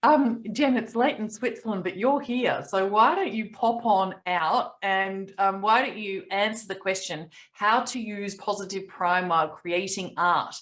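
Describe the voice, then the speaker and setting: A woman hosting a group mentoring video call, chatting casually with lots of pauses and ums. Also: medium pitch, fairly bright tone.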